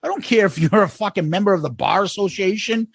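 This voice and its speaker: Gravelly, high-voiced animated man. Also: fast talker, no room sound, studio quality. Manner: animated storyteller, laughs a lot, profane. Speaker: podcast co-host. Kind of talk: casual podcast chat.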